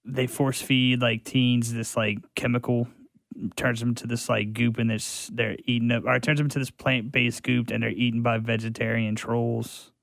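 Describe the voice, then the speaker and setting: A man sits in as a guest on a local talk radio show and tells rambling, joking stories full of fillers. His voice is at a middle pitch for a man. The studio sound is dry and close. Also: little pitch movement, moderate pace, vocal fry, fairly bright tone, no room sound. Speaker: restaurant guest. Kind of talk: casual radio chat.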